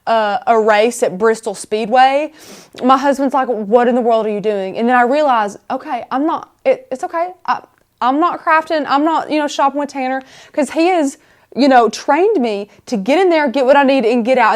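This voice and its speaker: A woman's voice: fairly high pitch, fairly quick. A woman hosting a casual craft live stream, chatty and rambling as she talks viewers through the steps.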